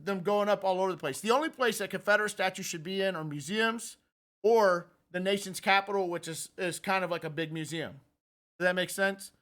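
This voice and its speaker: A man hosting a political podcast, giving opinionated and animated commentary. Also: high voice. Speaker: podcast host.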